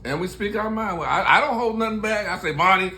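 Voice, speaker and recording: A man's voice: sits high, animated, quick pace, bright, forceful tone, slight background noise. A man in his sixties from Baltimore, a musician telling stories in a candid, joking way and laughing often in casual chat. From Baltimore, USA. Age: 60s. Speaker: musician and show host.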